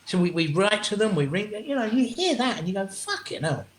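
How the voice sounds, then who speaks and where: A man, a comedian guest telling animated, sweary stories in an interview and acting out what people said. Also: high-pitched, quick pace. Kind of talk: storytelling interview chat. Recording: roomy echo.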